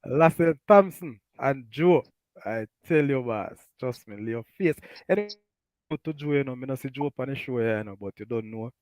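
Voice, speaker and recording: A man's voice: medium pitch, moderate pace, no room sound. A Jamaican man hosting a casual live stream, reading out chat comments and laughing often. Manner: laughs often, animated, Patois-flavored. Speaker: talk show host.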